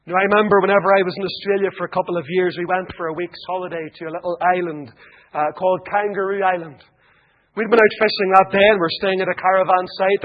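A fervent Irish preacher with a high-pitched voice delivering an evangelistic sermon. He swings from loud, ringing appeals to quiet pleading. The recording sounds dull and lo-fi. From Ireland. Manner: fervent, rising to loud emphatic appeals and dropping to hushed pleading.

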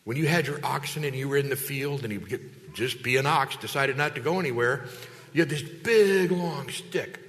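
A man preaching a sermon as a pastor, lively and conversational, acting out quoted voices with big jumps in pitch. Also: normal speed. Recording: long hall reverb.

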